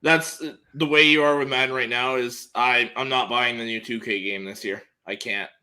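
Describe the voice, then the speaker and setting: A man co-hosting a sports podcast, chatting casually with calm, brief replies. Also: medium pitch, moderate pace. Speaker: podcast co-host.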